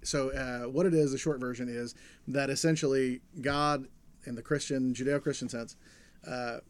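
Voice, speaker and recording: A man's voice: medium pitch, fairly even intonation, normal speed. A young adult man, a podcast co-host, chatting casually about comic books and retelling a story with enthusiasm, briefly acting out the characters. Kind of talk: casual comic book chat.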